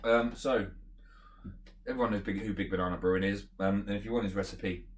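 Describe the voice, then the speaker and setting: A man giving a casual beer review, talking in a relaxed, rambling way and thinking aloud with fillers as he tastes. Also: on the low side, brisk, slight background noise. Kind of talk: casual beer tasting chat.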